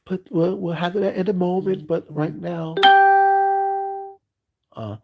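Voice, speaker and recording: A man voicing a calm male real estate agent who speaks slowly and deliberately to settle an upset client. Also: high voice, vocal fry, faint music behind, pitched above the performer's own voice, exaggerated voice. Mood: soothing. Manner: hushed, slow and deliberately calm.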